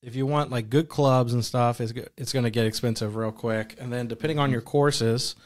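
A man's voice: medium pitch, steady tone, a little fast. A man, co-hosting a podcast in an easygoing casual chat, laughing often. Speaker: podcast co-host.

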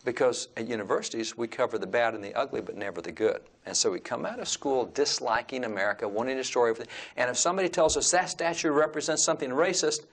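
A man's voice: mid-range voice, quick pace. A man with a Texan accent, talking earnestly as an interview guest about history in a room full of old books. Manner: earnest, lecturing, reads aloud from old books. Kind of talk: informal explanatory talk. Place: room surrounded by old textbooks.

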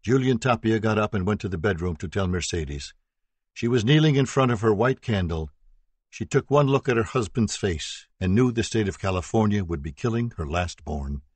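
A man narrating a true-crime audiobook in a steady, sober reading voice. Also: lowish voice, normal speed, breathy edge, no echo.

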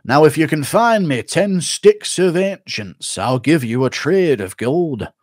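A man voicing a medieval game guard, speaking slowly in a solemn quest-giver tone. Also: fairly high pitch, expressive, no room sound, clean studio sound. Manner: slow, solemn fantasy quest-giver delivery. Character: medieval game guard NPC, male, earnest.

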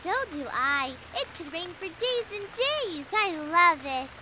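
A woman's voice: extremely high pitch, very animated, measured pace, sharp tone, a little hiss or hum, heavily acted. A woman voicing a cheery little cartoon friend who talks in a playful, sing-song way. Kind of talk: children's cartoon voice acting.

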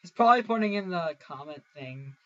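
A young man hosting a casual gaming session with friends, excitable and giggly. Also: high-pitched, a little fast. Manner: excitable, giggly, easily delighted. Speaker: host recording gameplay. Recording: slightly dull home recording.

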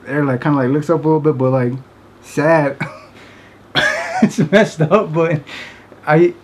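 A man's voice: fairly high pitch, a little mellow. Laughing man telling a story. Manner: laughs often, rambling, many "like"s. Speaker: vlogger. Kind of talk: casual storytelling.

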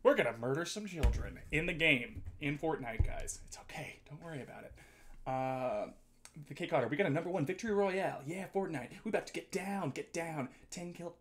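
A man streaming a video game, chatting casually and excitedly with viewers, with lots of swearing and jokes. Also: a little high, fairly quick. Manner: excitable, swears a lot, jokey. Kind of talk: casual gaming livestream chat.

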